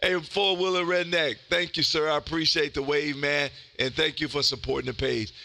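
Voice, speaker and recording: A man hosting a ham radio stream, loud and folksy, calling out for contacts. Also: a little high, steady tone, moderate pace, creaky. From Texas.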